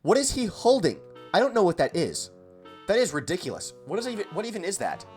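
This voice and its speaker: A man's voice: sits high, wildly swooping pitch, quick pace, a little mellow, soft background music. Exasperated young man ranting comically. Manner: exasperated, mock-outraged, repetitive. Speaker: comedy video host. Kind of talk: comedic rant.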